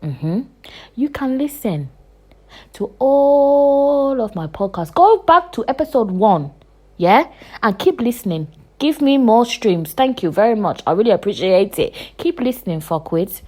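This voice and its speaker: A woman in her twenties hosting a podcast, delivering a heated, profane rant full of repetition, with loud bursts and hushed asides. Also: medium pitch, sing-song, normal speed, breathy edge. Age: 20s. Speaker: podcast host. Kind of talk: casual podcast monologue.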